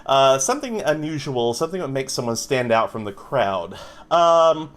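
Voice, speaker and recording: A man's voice: mid-range voice, normal speed. A man hosting an improv comedy stream, explaining games with many "uh"s and asking viewers for suggestions. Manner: lively, rambling explanations with many fillers. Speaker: improv show host.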